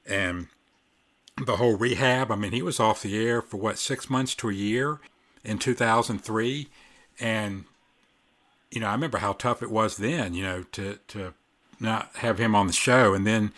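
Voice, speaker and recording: A man hosts a casual podcast, with a bright, forward tone. He talks reflectively and rambles a bit, circling back and restarting his sentences. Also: on the low side, normal speed. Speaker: podcast host. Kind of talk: casual tribute chat.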